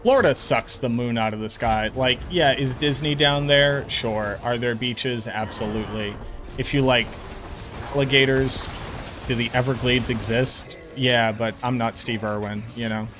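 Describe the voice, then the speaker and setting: Male streamer, mid pitch, loose profane banter with chat, faint music underneath. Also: moderate pace. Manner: joking, profane, riffs on chat comments. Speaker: game streamer. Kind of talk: casual live-stream chat with viewers.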